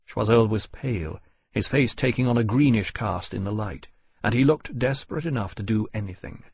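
Husky male audiobook narrator. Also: on the low side, normal speed, darkish tone, no echo. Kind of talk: scripted narration.

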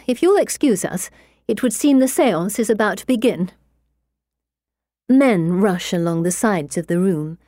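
A woman narrating a story in the first person, in a measured way. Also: fairly low pitch, darkish tone, no echo, studio quality. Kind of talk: audiobook narration.

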